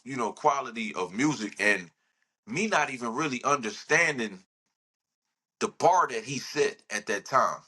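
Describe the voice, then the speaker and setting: A man's voice: mid-range voice, expressive, a little slow, sharp tone, breathy edge. A man, a rapper talking in a casual podcast interview, rambling and laid-back. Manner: laid-back, rambling, says "you know what I'm saying" often.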